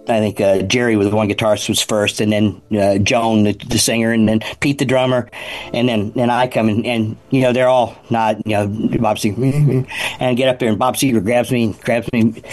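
An older man and former band musician telling a casual, animated story, rambling with frequent restarts. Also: mid-range voice.

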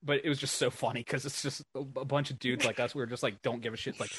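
A man's voice: medium pitch, fairly even intonation, quick pace, fairly bright tone, breathy edge. A man hosting a podcast, chatting loosely, swearing and laughing as he recalls a story. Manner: rambling, swears freely, laughs a lot. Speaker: podcast host. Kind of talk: casual chat.

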